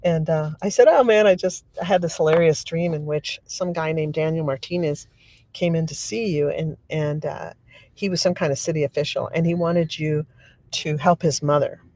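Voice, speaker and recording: A woman telling stories as a podcast guest, animated and laughing often as she acts out what people said. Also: low-pitched, normal speed, no room sound. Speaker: podcast guest, remote viewer. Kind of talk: casual storytelling.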